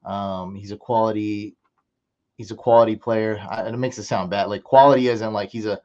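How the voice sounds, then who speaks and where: A young man chatting casually on a live stream as he drafts, excitable and repeating himself as he reacts. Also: on the low side, normal speed, muffled recording. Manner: excitable, hypes his picks with loud outbursts, repeats himself.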